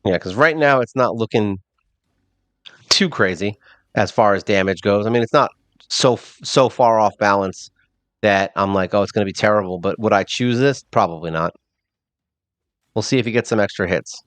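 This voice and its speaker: A man's voice: on the low side, moderate pace, long pauses, a bit bright, no echo. Rambling self-mocking male game commentator. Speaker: mobile game channel host. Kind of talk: casual gameplay commentary.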